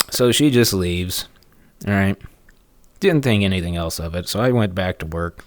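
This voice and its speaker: A man's voice: fairly low pitch, animated, moderate pace, no room sound. A man casually telling a story in a rambling, snarky way, with chuckling asides.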